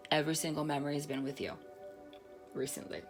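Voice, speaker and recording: A woman giving a casual tarot reading to camera, excitable and swearing, breaking into exclamations. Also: deep voice, quick pace, over music. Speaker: tarot reader.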